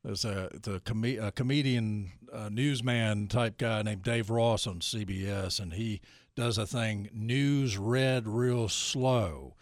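An older man hosting a call-in gardening radio show, jokey and animated. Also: on the low side, no echo, clean studio sound. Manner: lively, jokey, reads phone numbers slowly.

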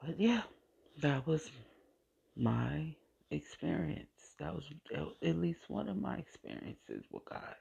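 Gravelly, husky woman sharing her faith testimony. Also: sits low, wildly swooping pitch, warm tone. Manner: emotional, halting, repeats phrases. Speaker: podcast host. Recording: dull lo-fi recording.

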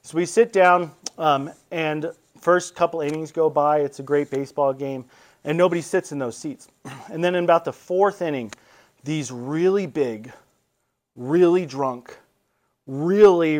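A man in his thirties from Colorado, giving a casual, animated storytelling talk as convocation speaker. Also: a little high. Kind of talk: storytelling speech.

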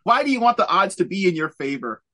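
A man co-hosting a podcast in casual chat over a video call, animated and laughing often. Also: high-pitched, fast talker. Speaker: podcast co-host.

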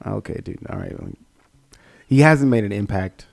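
Gravelly man in rowdy sports banter. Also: lowish voice, moderate pace, dry recording. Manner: loud, profane, teasing.

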